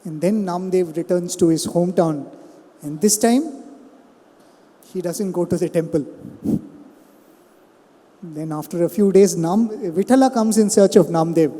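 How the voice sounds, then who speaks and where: A man's voice: high-pitched, moderate pace, pauses often, mellow. A man giving a devotional talk, telling stories and asking the audience questions. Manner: storytelling, asks the audience questions. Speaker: spiritual speaker. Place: satsang hall. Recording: long reverb hall.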